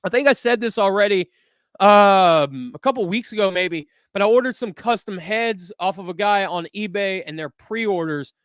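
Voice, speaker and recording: A man hosting a toy channel livestream, reading viewer comments aloud and giving candid, relaxed opinions with lots of fillers. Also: high voice, normal speed, clean tone, dry recording, clean studio sound. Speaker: toy review channel host.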